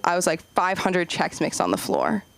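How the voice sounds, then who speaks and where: A woman doing a stand-up comedy set, chatty and rambling, jumping her voice up high whenever she acts out a quote. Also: expressive, moderate pace, vocal fry. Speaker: stand-up comic and open mic host. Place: comedy club stage.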